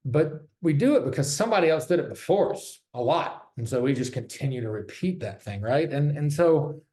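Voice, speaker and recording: A man's voice: a little high, lively intonation, brisk, warm tone. A man who sells real estate, giving a casual, candid talk from his office, joking and swearing freely. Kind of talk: casual presentation. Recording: roomy echo.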